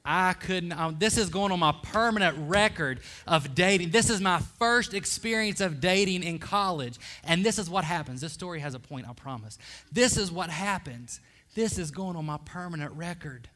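Lively preacher telling a story. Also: male voice, sits high, moderate pace. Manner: animated, self-deprecating storyteller addressing the congregation. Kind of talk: storytelling sermon.

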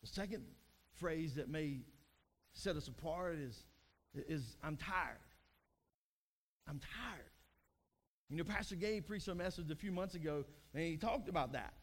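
A man's voice: on the high side, normal speed. A man, a pastor in his thirties with young kids, preaching a conversational sermon, repeating phrases and acting out weary, frustrated speakers.

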